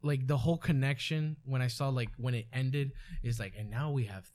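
A young man in casual chat, talking hesitantly with halting restarts. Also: mid-range voice, darkish tone, slight background noise.

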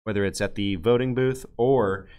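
A man hosting a podcast panel discussion, relaxed and folksy, with frequent fillers and restarts. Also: fairly low pitch, normal speed, clear, resonant tone. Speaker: podcast host.

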